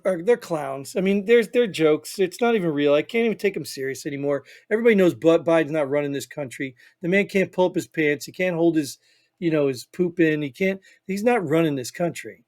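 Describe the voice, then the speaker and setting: High-voiced rambling man, Northern US accent. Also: darkish tone. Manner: rambling, emphatic, peppered with "you know what I mean". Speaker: podcast co-host. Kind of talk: opinionated casual chat.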